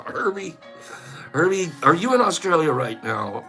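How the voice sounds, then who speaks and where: A man hosting a casual live stream, playfully teasing the viewers in the chat and laughing often. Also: fairly high pitch. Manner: breaks into loud bird calls. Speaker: livestream host.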